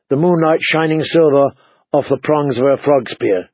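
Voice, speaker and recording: A man narrating a fantasy audiobook in a measured, dramatic storytelling manner. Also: medium pitch, slightly rough, no room sound. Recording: dull lo-fi recording.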